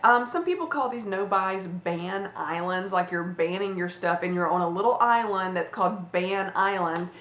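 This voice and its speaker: A woman's voice: lowish voice, moderate pace, hardly any pauses, a bit bright. A woman in her forties, a fashion vlogger chatting casually to camera, rambling with restarts and fillers. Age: 40s. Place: room at home. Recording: echoey room.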